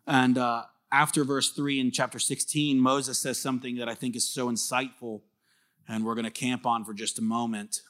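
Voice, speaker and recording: Bright-voiced man preaching a lively sermon. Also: medium pitch, moderate pace. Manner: animated, conversational, acts out quoted voices. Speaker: pastor.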